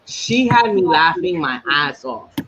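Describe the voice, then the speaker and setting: A man with a high voice co-hosts a casual chat. He tells stories in a profane, animated way. The recording is a touch dull, with a faint hiss behind him. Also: measured pace. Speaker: podcast co-host. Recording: slightly dull sound with faint noise.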